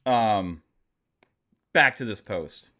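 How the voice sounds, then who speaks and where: A man's voice: fairly low pitch, expressive, extremely slow, bright, forceful tone. A man hosting a gaming channel, giving live-stream commentary in an impassioned, profane rant aimed straight at his viewers. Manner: talks straight to the audience.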